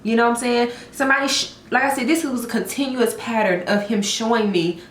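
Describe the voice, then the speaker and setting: A woman's voice: fairly high pitch, expressive, brisk, few pauses, fairly bright tone, echoey room, a little hiss or hum. A woman telling a personal story in a heartfelt vlog, speaking earnestly and encouraging her viewers with emphatic repetition. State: tearful at times. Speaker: vlogger.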